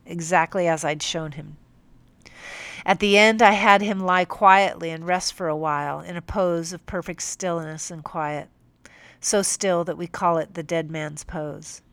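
A young woman narrating a first-person audiobook in a measured, firm, teacherly way. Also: lowish voice, dry recording. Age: young adult.

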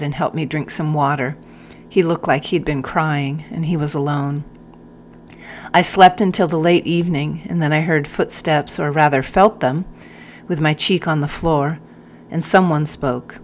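A woman narrating a first-person audiobook in a measured, earnest way. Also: low-pitched, a little hiss or hum.

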